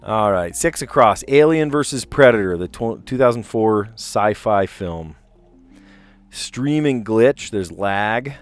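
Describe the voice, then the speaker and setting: A man with a fairly low voice hosts a relaxed livestream, working through word puzzles. He reads each clue aloud and wanders into friendly personal asides, chuckling easily as he goes. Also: slow pace, soft background music. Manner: reads clues aloud, chatty asides, amused laughter. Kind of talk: casual livestream commentary.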